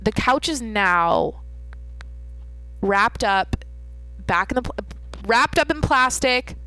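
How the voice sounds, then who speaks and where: A woman's voice: on the high side, expressive, takes it slowly, bright, forceful tone, no room sound, soft background music. A young woman hosting her own podcast, telling a long rambling story full of swearing and self-interruptions. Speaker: podcast host. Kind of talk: casual solo podcast monologue. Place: home at night.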